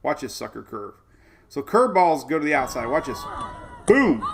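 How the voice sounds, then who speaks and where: A chatty, excitable man hosts a casual live show, his voice gravelly and his pitch swinging up and down. Steady background noise runs under his talk. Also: normal speed. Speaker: weather show host. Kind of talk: casual live-stream chat.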